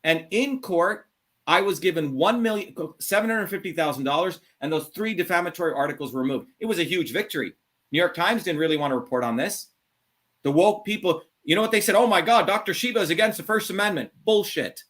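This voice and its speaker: Blunt, combative middle-aged man, slightly high. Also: lively intonation, a little fast, fairly bright tone. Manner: blunt, combative, swearing, emphatic. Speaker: show host. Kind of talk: heated call-in monologue.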